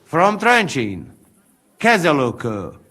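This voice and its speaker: A man's voice: a little high, huge pitch swings, extremely slow, bright, forceful tone, husky, exaggerated voice. An actor voicing a blunt male mercenary with a Slovak accent who speaks broken English in a video game. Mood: persuasive.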